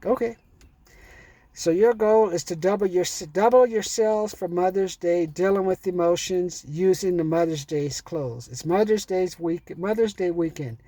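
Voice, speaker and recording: A man's voice: high-pitched, moderate pace, dark tone, no echo. A middle-aged man giving a rambling, pushy sales pep talk, swearing and calling the listener "man". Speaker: sales trainer. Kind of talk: casual motivational sales talk.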